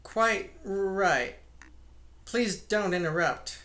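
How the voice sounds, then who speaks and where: A woman's voice: medium pitch, animated, drawn-out words, a bit bright, voice pushed up, full character voice. A woman doing a flustered, indignant vicar. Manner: stiff, jerking intonation.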